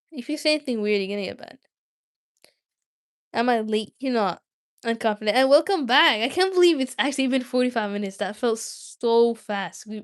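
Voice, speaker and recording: A woman's voice: medium pitch, clear, resonant tone. Rambling young woman livestreamer. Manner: rambling, self-interrupting, chatty. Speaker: livestream host. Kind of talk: casual chat with viewers.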